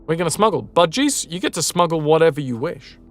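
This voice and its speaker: A man's voice: fairly high pitch, very animated, a little fast, faint music behind. A man with a Yorkshire accent streaming a game, chatting casually, musing aloud and answering his chat. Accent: northern English, Yorkshire. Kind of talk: casual live-stream chat while gaming.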